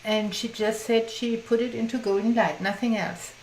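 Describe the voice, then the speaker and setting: A woman's voice: fairly high pitch, fairly even intonation, normal speed, darkish tone. A woman teaching in her groups, interviewed while she tells a story in an earnest way, with many restarts. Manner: earnest, many restarts, acts out quoted speech. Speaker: guest, teacher of imagination groups. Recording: roomy echo, faint background noise.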